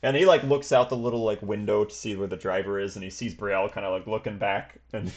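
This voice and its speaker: A man's voice: fairly low pitch, expressive, moderate pace, darkish tone. A man narrating as game master for a tabletop game, rambling and stringing his descriptions together with many fillers and hedges.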